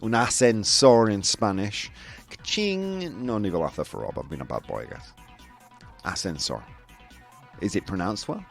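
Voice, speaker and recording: A man's voice: lowish voice, very animated, moderate pace, gravelly, faint music behind. A man with a Yorkshire accent hosting a casual show, chatting loosely with lots of fillers and laughs. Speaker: host. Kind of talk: casual live show chat.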